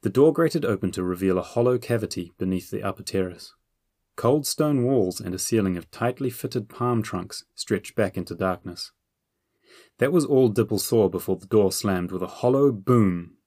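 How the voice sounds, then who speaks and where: Low-voiced man narrating an audiobook. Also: normal speed, darkish tone, no room sound, clean studio sound. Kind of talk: scripted narration.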